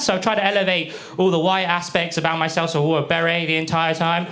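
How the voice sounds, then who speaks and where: A young man from the UK performing a stand-up comedy set, delivering deadpan punchlines and slipping into put-on voices for characters. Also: fairly high pitch, quick pace, hardly any pauses. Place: comedy club stage with a laughing audience. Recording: live club recording with crowd laughter.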